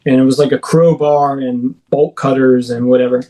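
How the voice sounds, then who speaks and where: A man, a podcast guest, recounting his own experience in a rambling, filler-heavy way and acting out his own shouts as he retells it. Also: medium pitch, flat delivery, moderate pace, low-quality recording. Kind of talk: first-person storytelling in a podcast interview.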